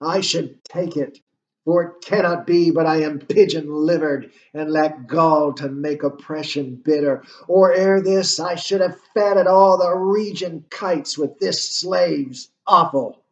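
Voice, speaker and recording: A man's voice: fairly high pitch, takes it slowly. A man declaiming Hamlet, furious and rising. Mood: bitter, agitated. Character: Hamlet, enraged young prince cursing his uncle. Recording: echoey room, dull lo-fi sound.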